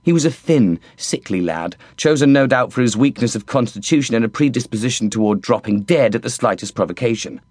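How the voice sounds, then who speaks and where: Cheeky, lively male audiobook narrator. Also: medium pitch, brisk, few pauses, no echo. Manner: cheeky, mocking wit. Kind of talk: first-person audiobook narration, comic.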